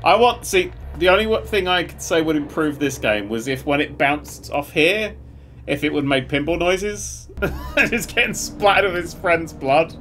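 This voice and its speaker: A man giving loud, swearing, excitable live commentary while streaming a game, with sudden yelps and laughs. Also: a little high, normal speed, a little hiss or hum.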